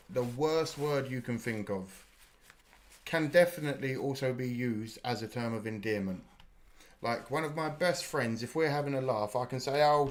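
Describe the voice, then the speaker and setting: In a casual live reaction chat, a man from the United Kingdom runs a watch-party stream in an easygoing, talkative way. He swears without hesitation and explains slang for his audience, speaking at a typical mid-range pitch.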